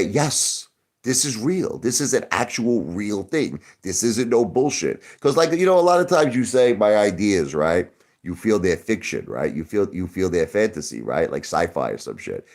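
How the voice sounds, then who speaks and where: Swaggering, animated man ranting to viewers. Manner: animated, swaggering, profane, swings between loud outbursts and low mutters. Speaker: YouTube livestream host. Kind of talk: casual rant to viewers.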